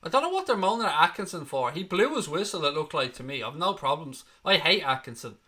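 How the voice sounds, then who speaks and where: A man's voice: a little high, very animated, quick pace, bright, forceful tone, breathy edge. A man hosting a live football watchalong, reacting bluntly to the match and swearing freely as he talks his viewers through it. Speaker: football fan channel host.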